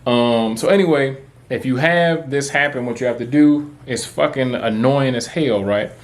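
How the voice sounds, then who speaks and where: A man's voice: mid-range voice, normal speed. A man, talking to camera in a casual, rambling, profane way, full of fillers. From Texas. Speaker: vlogger. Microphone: camera mic, talking to camera.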